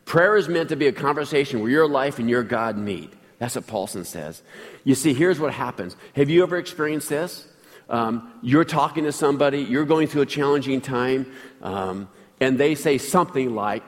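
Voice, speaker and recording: A man's voice: medium pitch, lively intonation, normal speed, in a large hall. A man preaching a sermon as pastor, telling a personal story in a chatty way and asking the congregation questions.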